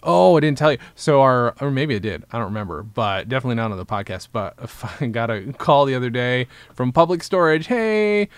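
A man's voice: medium pitch, lively intonation, a little fast, few pauses, dry recording. A man co-hosting a comedy podcast, chatting casually in a rambling, self-mocking way. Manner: rambling, self-mocking, playful put-on voices. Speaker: podcast co-host.

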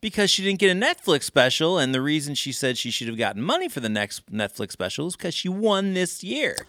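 A man's voice: fairly high pitch, very animated, a little fast, pushed and bright, slight background noise. A man hosting a casual podcast quiz, playful and teasing. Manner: playful, teasing, breaks into sung imitations. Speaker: podcast co-host, quizmaster. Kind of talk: casual chat.

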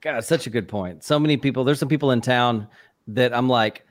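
A man's voice: mid-range voice, animated, a little fast, no echo. A man hosting a casual conversation, agreeing enthusiastically. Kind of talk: casual chat.

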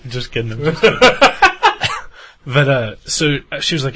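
Husky man, casual storyteller, animated, laughs a lot. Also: mid-range voice, moderate pace. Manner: animated, acts out quotes, laughs often.

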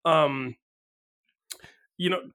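A man's voice: fairly high pitch, drawn-out words, bright, forceful tone. An American man hosting a podcast, chatting casually with lots of fillers and frequent laughs. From United States. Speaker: podcast host. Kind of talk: casual chat.

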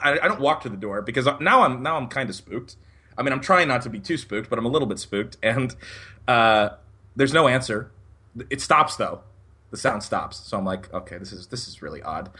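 A young man on a podcast telling a long story in a casual, animated way, often laughing as he talks. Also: mid-range voice, a little fast, breathy edge. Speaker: podcast co-host.

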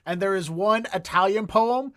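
A man with a Boston accent hosting a casual comedy podcast. He has a high voice and a dry, close recording. He rambles along and keeps tripping over longer words. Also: normal speed, a bit bright, no echo. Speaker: podcast host.

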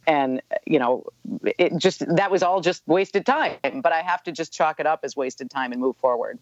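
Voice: medium pitch, moderate pace, no echo, dull audio. An author being interviewed, talking casually and chattily with many fillers. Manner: chatty, full of "you know" fillers. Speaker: author and guest.

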